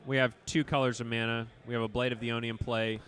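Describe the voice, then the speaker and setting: A man with an even, middle-pitched voice calling a card game turn by turn. His delivery stays steady and wry, with small jokes slipped between plays. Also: fast. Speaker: game commentator. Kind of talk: play-by-play commentary with banter.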